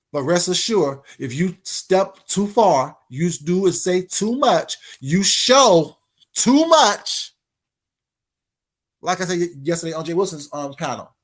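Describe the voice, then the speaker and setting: A man giving a brash, confrontational casual monologue as an online commentator. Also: a little high.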